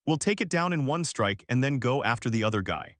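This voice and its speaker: A man's voice: mid-range voice, lively intonation, brisk, no echo, lightly acted. A man voicing a cocky young male assassin in a fantasy story recap.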